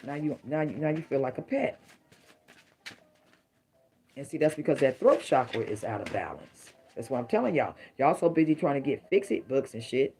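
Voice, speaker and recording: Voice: medium pitch, sing-song, moderate pace, dark tone, a little hiss or hum. A middle-aged tarot reader giving a casual, emphatic reading to viewers, full of rhyming catchphrases.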